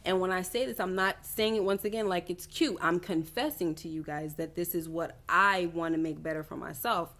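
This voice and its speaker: A woman's voice: on the low side, moderate pace, few pauses, fairly bright tone. A woman hosting a faith-based wellness livestream, talking candidly and confessionally to her viewers in loose, rambling sentences. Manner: rambling with frequent restarts and asides. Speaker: doctoral student. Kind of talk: casual livestream chat.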